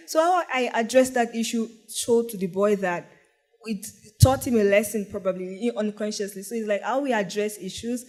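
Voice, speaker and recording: A man's voice: sits high, normal speed, darkish tone. A man on a discussion panel, a teacher, speaking earnestly and a little hesitantly, with fillers.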